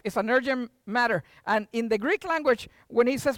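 An older preacher giving a lively sermon, shifting between hushed asides and loud bursts. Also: medium pitch, normal speed, few pauses, no room sound, studio quality. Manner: animated, jumps from hushed to loud.

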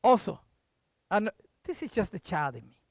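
An older preacher giving a lively sermon, shifting between hushed asides and loud bursts. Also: mid-range voice, moderate pace, no echo, studio quality. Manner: animated, jumps from hushed to loud.

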